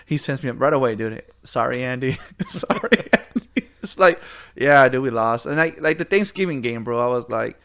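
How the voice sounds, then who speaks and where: A man's voice: medium pitch, normal speed, few pauses. A middle-aged man co-hosting a podcast, telling sports stories in casual chat, laughing and acting out quotes. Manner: animated storyteller, laughs while telling stories, acts out quotes. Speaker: podcast co-host.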